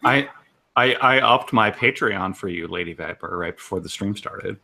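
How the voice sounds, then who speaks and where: A man's voice: fairly low pitch, moderate pace, vocal fry, bright, forceful tone. A man in casual chat making dry, wry remarks. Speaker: podcast panelist.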